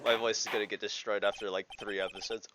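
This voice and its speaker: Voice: low voice, little pitch movement, fast talker, a bit bright, a little hiss or hum. An amateur fan dubber making self-mocking asides while voicing a video game. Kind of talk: casual commentary while fan dubbing.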